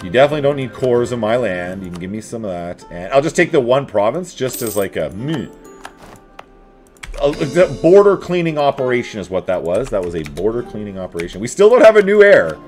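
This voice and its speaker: Lively man narrating a strategy game. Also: mid-range voice, fast talker, few pauses, soft background music. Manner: chatty, talks to his armies and enemies, playful asides. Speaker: let's play host. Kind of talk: casual strategy game commentary.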